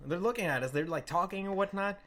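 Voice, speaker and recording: A man's voice: sits high, quick pace, fairly bright tone. A young man from Mexico co-hosting a casual chat, telling a rambling story with lots of fillers and laughter. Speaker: co-host.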